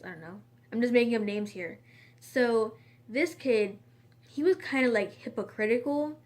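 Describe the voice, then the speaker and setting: A woman in a casual storytime monologue, rambling and chatty, with frequent fillers and restarts. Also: medium pitch. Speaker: vlogger.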